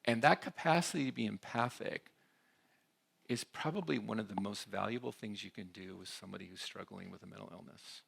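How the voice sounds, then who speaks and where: Deep gravelly-voiced man giving a talk. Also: fairly bright tone. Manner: conversational, checks in with "right?". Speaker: conference speaker. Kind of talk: church conference talk.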